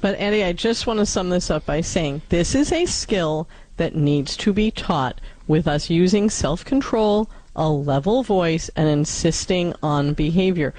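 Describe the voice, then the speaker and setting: A co-host of a parenting advice radio show, giving calm and firm instruction on teaching children respect. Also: medium pitch, unhurried, few pauses, no room sound, low-quality recording.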